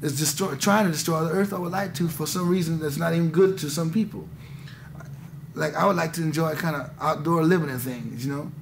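A man's voice: fairly high pitch, steady tone, brisk, gravelly, slight background noise. A man in his thirties talking candidly in an interview, rambling and intense, restarting often and saying "man" a lot. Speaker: interviewee, musician. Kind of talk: candid conversation.

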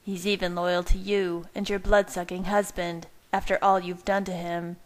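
A woman's voice: lowish voice, little pitch movement, normal speed, lightly acted. A woman reading aloud and voicing an angry, protective young female werewolf who shrieks and snarls her accusations. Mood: fervent.

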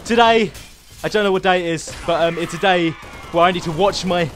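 A young man hosting his own gaming channel, giving rambling, excitable live commentary while he plays and calls out to viewers and his teammate. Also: sits high, brisk, soft background music. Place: home.

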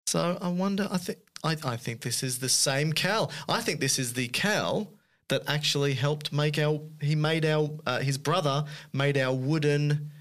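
A man co-hosting a casual podcast, teasing his co-host and reading listener emails aloud with quick asides. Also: fairly high pitch, fairly bright tone.

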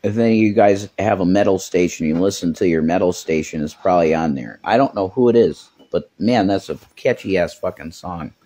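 Husky low-voiced man, laid-back. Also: a little fast, hardly any pauses, mellow. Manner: laid-back, swears casually. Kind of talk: casual chat.

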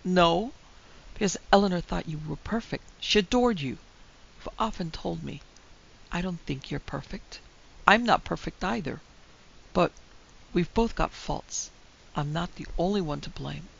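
A woman voicing a quick-tempered, proud young wife in a storybook reading, her voice heated and trembling. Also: lowish voice, expressive, gravelly, breathy edge, exaggerated voice. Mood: angry. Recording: dull lo-fi recording with faint hiss.

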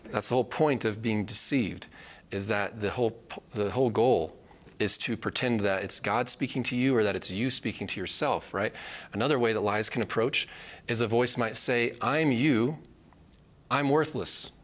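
Guy teaching bible stuff, kinda low voice, earnest, keeps saying right?. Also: normal speed, fairly bright tone. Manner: earnest, repeats points with "right?" tag questions; acts out quoted voices in a higher pitch.

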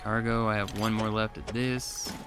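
A man's voice: on the low side, little pitch movement, moderate pace, music in the background. A man giving casual let's play commentary as he plays, chatty and talking to himself, with frustrated outbursts. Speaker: gameplay streamer.

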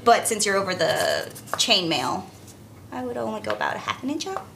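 A woman co-hosting a livestream who speaks as a costume maker, brisk and practical and quick to laugh. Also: mid-range voice, animated, creaky, a bit bright, a little hiss or hum. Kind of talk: casual workshop chat.

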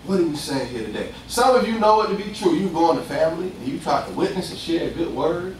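A young man preaching a lively, conversational sermon, acting out voices and laughing often. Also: on the high side, fast talker, slight background noise. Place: church. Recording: echoey distant room sound.

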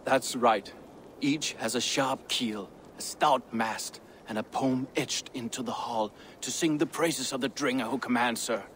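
An actor playing a proud male Viking shipbuilder in a video game, talking in a measured, lyrical way, with faint background noise. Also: medium pitch, a bit bright, natural voice.

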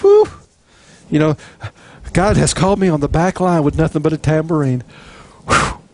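A man's voice: on the high side, normal speed, darkish tone, lightly acted. A man preacher voicing a nervous male worshiper who sighs and frets at being sent out with only a tambourine. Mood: fretful.

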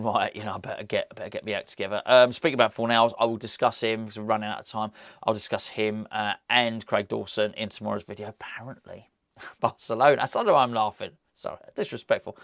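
A man's voice: on the low side, fairly bright tone, dry recording, clean studio sound. A man hosting a football chat, talking casually and rambling with restarts and fillers. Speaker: football podcast host. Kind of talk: casual solo commentary.

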